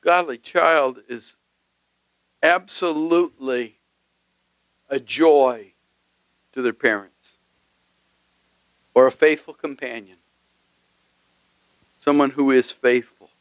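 A man's voice: mid-range voice, slow, pauses often, smooth, dry recording, low-quality recording. A male pastor preaching a sermon emphatically, often putting questions to his congregation.

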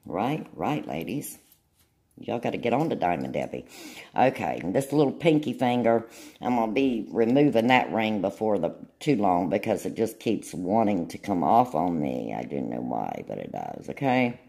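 A woman with an unusually deep, low voice and a drawl walks through a nail demonstration. She talks in a chatty, homey way and keeps pausing to check in with her viewers. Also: very animated, warm tone. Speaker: nail tutorial host. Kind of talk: casual demonstration tutorial.

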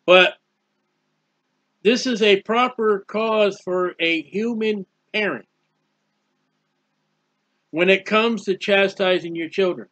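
A man's voice: sits high, slow, pauses often, fairly bright tone. A man giving an informal Bible study sermon, earnest and rambling, reading scripture aloud. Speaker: Bible teacher. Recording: dull lo-fi recording.

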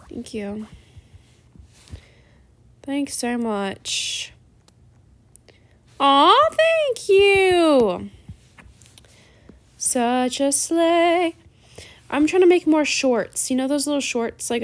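A woman's voice: a little high, takes it slowly, pauses often. A teenage girl chatting casually while playing a game, tired and rambling with lots of "like". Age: teens. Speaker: gaming YouTuber. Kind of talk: casual gameplay chat.

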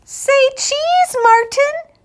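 Woman reader doing a high, squealing, stubborn little girl for a storybook. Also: very slow, heavily acted. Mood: playful. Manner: squealing, insistent. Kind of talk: picture book read-aloud.

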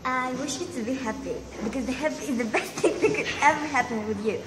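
A woman student wishing her teacher a happy birthday, quick and giggly. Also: high-pitched, echoey room, big-room sound, very noisy. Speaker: student giving birthday wishes.

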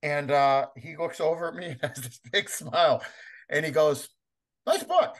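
Being interviewed, a middle-aged man who collects comics spins an animated tale, frequently laughing and mimicking others' voices. He speaks at normal speed with a slightly high, fairly bright voice and fairly even intonation.

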